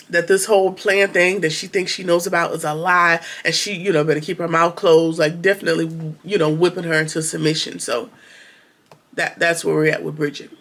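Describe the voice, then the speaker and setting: A woman's voice: on the low side, a bit bright. A woman reviewing a TV series, retelling an episode in a chatty, slangy way with sarcastic asides. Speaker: TV show reviewer. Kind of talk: casual episode recap.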